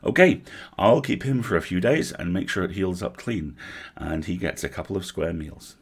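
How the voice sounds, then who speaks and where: A man reading aloud as a kind, patient male elf animal healer, gentle and coaxing. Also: low voice, expressive, normal speed, vocal fry, slightly rough, heavily acted. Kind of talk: storybook character reading.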